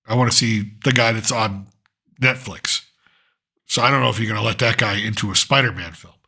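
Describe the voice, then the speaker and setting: A man's voice: lowish voice, brisk, vocal fry, bright, forceful tone. A middle-aged man hosting a pop culture commentary show, ranting sarcastically and swearing freely. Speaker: host.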